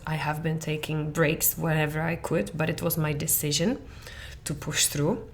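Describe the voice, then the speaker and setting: On her parenting coaching podcast, a low-voiced woman delivers an animated monologue, moving from hushed near-whispers to excited, laughing outbursts.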